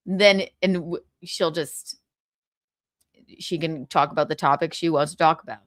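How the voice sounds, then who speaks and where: A woman's voice: low voice, unhurried, dry recording, clean studio sound. A young woman hosting a livestream, chatting casually, reading viewer comments and laughing often. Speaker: livestream host.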